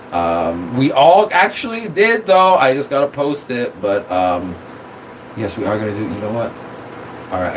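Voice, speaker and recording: A man hosting a casual livestream, talking into his phone in a rambling, excitable way with plenty of swearing. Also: on the low side, a little hiss or hum, poor audio. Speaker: streamer.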